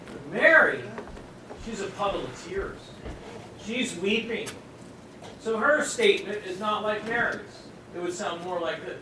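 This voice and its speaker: A man preaching a sermon to a room, swinging from loud emphasis to hushed, near-whispered lines and acting out the voices he quotes. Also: high voice, lively intonation, unhurried. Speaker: pastor. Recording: echoey hall miked from a distance, audible noise.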